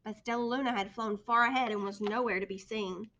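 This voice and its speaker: Bright-voiced woman reading a picture book. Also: fairly high pitch, fairly quick, muffled recording, slight background noise. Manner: expressive storytelling. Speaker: storybook reader. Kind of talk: children's book read-aloud.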